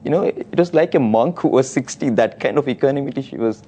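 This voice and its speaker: Man, storytelling, lively voice, warm dark tone, faint hiss. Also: medium pitch, quick pace. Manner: animated storyteller, laughs often. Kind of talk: spiritual discussion and storytelling.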